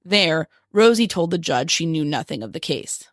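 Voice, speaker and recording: Low-voiced woman reading a scripted account. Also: dry recording, studio quality. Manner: measured, reads quotes aloud flatly. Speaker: podcast co-host. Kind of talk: scripted true-crime narration.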